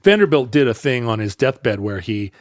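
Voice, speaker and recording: A man's voice: mid-range voice, very animated, moderate pace, no room sound, clean studio sound. A man co-hosting a podcast, telling a history story in casual chat, rambling and correcting himself, laughing easily.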